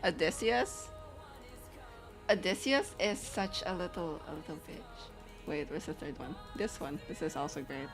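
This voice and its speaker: A young animator with a low voice chats casually at her computer at a measured pace while sharing her screen, over music. She rambles and giggles, swearing and peppering her speech with "like" and "you know."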